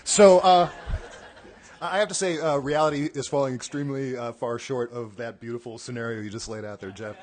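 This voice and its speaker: A man's voice: medium pitch, steady tone, a little fast, darkish tone. A man co-presenting award nominees, joking and hesitating with many fillers, speaking from a little away from the microphone.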